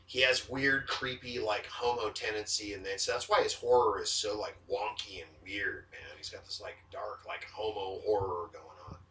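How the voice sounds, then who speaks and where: A man's voice: on the low side, steady tone, normal speed, few pauses, bright, forceful tone, distant mic. A man hosting a casual podcast from his home kitchen, rambling and joking loosely. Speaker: podcast host.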